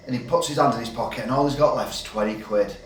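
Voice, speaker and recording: A man tells a long pub joke with casual swearing and lively delivery, at an average pitch for a man. The mic sits back from him, the room rings a little, and faint ambience runs underneath. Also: fast talker, echoey room, distant mic, a little hiss or hum. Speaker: joke teller.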